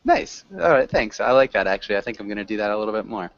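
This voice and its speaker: A man's voice: on the low side, expressive, racing, no echo, lo-fi sound. A man teaching an online English class, patiently coaching students on words and pronunciation.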